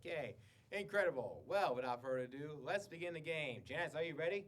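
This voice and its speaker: A man's voice: on the high side, lively intonation, a little fast, a bit bright. A man playing a slick, sarcastic game-show host with mock politeness. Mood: smarmy.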